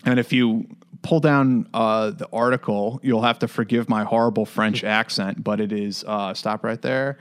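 A man's voice: fairly low pitch, fairly even intonation, moderate pace, clean tone. A man from the United States talking through a story in casual podcast chat, with frequent fillers and restarts. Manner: conversational, many fillers and restarts.

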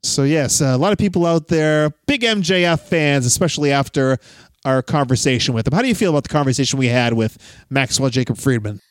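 A man's voice: medium pitch, a little fast, no room sound, clean studio sound. A man hosting a casual podcast, chatting and reading listener messages aloud. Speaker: podcast host.

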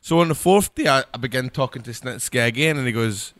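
A tipsy man rambles through a story, swearing freely and acting out the other people in it. His voice is bright and forward, and it sits close and dry on the mic. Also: mid-range voice, animated, fast, dry recording. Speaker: podcast co-host. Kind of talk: casual drunken banter.

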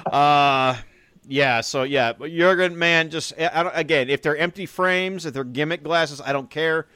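Stammering, chatty man with a bright voice. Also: a little high, unhurried, smooth, dry recording. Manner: stammering restarts, laughs often, playful banter. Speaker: podcast co-host. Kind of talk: casual chat.

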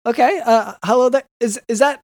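A man's voice: very high voice, fairly quick, no room sound, studio quality. A man who is a doctor hosting a comedy podcast, reading medical notes with hesitant fillers between jokes.

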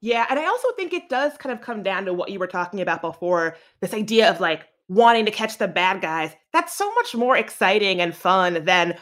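A woman podcast host talking casually with a guest, conversational and quickening when worked up. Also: medium pitch, big pitch swings, fairly bright tone. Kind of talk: casual interview talk, reads ads.

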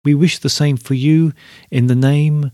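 A man's voice: fairly high pitch, steady tone, measured pace, warm tone, dry recording, studio quality, voice pushed up, natural voice. A man voicing Vasilia, a worried old peasant woman. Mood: anxious, cross. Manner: cross, suspicious, pleading.

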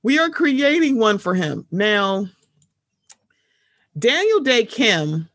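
A woman hosting a casual podcast chat, talking in a blunt, animated, often profane way and reading out news items. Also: medium pitch, dry recording, clean studio sound. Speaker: podcast host.

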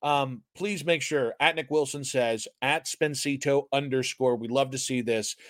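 A man's voice: mid-range voice, unhurried, fairly bright tone. A man co-hosting a sports podcast, blunt and sarcastic, swearing freely in casual debate.

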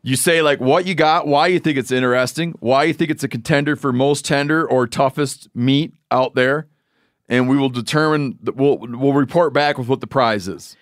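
A man hosting a casual podcast chat, joking around and talking fast in bursts. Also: mid-range voice, no echo, studio quality. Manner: jokey, talks fast in bursts. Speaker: podcast host.

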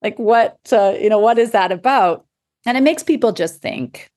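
Woman physician guest, conversational, animated, quotes others in her stories, laughs easily. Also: a little high, normal speed. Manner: animated storyteller, acts out quotes, laughs often. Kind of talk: casual conversation.

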